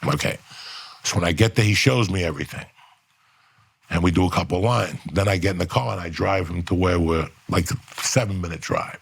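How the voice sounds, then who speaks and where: A middle-aged man telling a long story on a podcast, profane and animated, acting out the voices of people in it. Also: deep voice, brisk. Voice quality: gravelly, husky.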